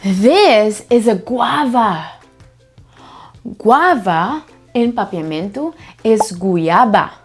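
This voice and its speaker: A woman teaching vocabulary to toddlers, prompting children to repeat each word slowly after her. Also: medium pitch.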